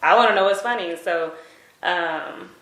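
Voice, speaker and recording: Hesitant woman witness, slightly low voice, echoey room recording. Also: a little slow, fairly bright tone. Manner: hesitant, many fillers, retelling events. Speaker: witness giving a statement. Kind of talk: recorded statement to prosecutors.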